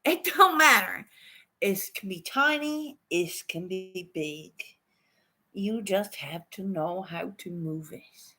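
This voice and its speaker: A woman's voice: medium pitch, takes it slowly. A woman chatting to her livestream viewers, telling a funny story, often laughing and swearing as she goes. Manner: giggly, swears a lot, animated storytelling. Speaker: livestreaming vlogger. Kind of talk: casual storytelling chat.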